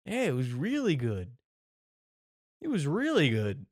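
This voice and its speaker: A man's voice: on the high side, huge pitch swings, unhurried, no room sound, clean studio sound, heavily acted. A man voicing a deflated middle-aged town official who stumbles through explaining his day. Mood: resigned. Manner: mumbling, flustered explaining.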